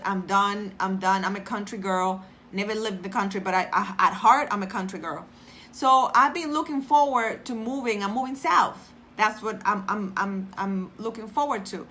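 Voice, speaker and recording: A woman's voice: medium pitch, moderate pace, sharp tone, slight background noise. A middle-aged woman talking casually and earnestly to her viewers, repeating phrases for emphasis and often restarting her sentences. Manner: addresses viewers directly, reads out commenters' names. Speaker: motivational vlogger. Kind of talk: casual motivational talk to viewers.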